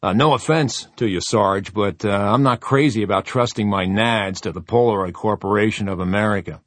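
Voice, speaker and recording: A man reading an audiobook, voicing a wary man who talks haltingly with fillers. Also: on the low side, no room sound, close to an everyday voice.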